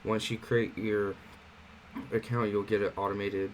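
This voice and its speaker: A man casually walking viewers through an online marketing platform in a screen-share tutorial, talking in a relaxed, conversational way with fillers. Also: on the low side, measured pace, slight background noise, low-quality recording.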